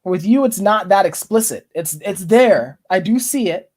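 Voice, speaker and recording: A man's voice: high voice, expressive, moderate pace, darkish tone. A man hosting a podcast in casual chat, blunt and teasing, swearing freely. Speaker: podcast host. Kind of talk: casual conversation.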